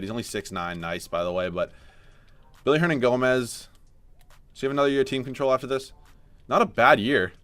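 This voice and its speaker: A man's voice: mid-range voice, a bit bright, dry recording. Young man in dry close-mic game commentary. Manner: frustrated and self-mocking, swinging to forced cheer. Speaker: gaming YouTuber.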